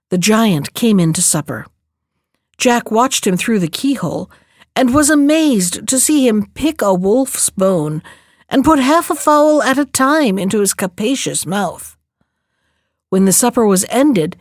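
A woman reading a fairy tale aloud in a measured, expressive storytelling manner. Her voice sits a little high. The recording is close and dry, with no room sound. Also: dry recording.

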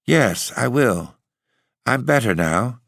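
A man's voice: medium pitch, lively intonation, slow, vocal fry, fairly bright tone, no room sound, pitched above the performer's own voice, heavily acted. A languid, dreamy young noblewoman, weak and mysterious, put on by a man reading a storybook aloud. She murmurs drowsily and half-whispers. The reading sounds close and dry. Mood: drowsy. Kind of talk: audiobook reading.

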